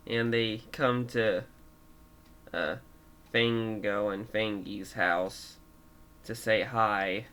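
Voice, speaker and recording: A young man retelling a made-up story off the cuff, halting and giggly, with many restarts. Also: medium pitch, a bit bright.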